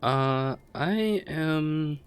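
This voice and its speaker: A man's voice: a little high, expressive, drawn-out words, clean tone. Hesitant man thinking aloud at a game table. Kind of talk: casual game table chat.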